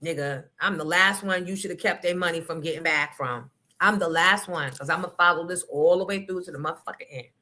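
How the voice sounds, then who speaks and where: A woman's voice: lowish voice, fairly quick, hardly any pauses, pushed and bright. A woman hosting a livestream talk show, ranting bluntly with lots of profanity and emphasis. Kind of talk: casual livestream rant.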